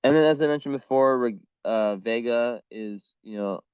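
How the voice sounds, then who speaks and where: A man's voice: medium pitch, moderate pace, darkish tone, clear, resonant tone, dry recording, lo-fi sound. A man reading astrology charts in a casual, rambling way, full of fillers and the odd swear word.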